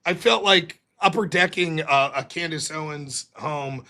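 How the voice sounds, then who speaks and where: A man hosting a live stream, chatting casually and mimicking other people with animated retellings; he says he is losing his voice. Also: on the high side, a little slow. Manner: animated, mocking imitations of others. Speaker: host.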